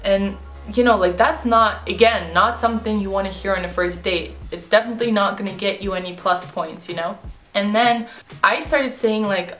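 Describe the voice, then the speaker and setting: A woman, telling a casual storytime in a chatty, rapid way full of "like". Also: mid-range voice, fairly bright tone. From Russia. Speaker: vlogger. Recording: roomy echo with faint music.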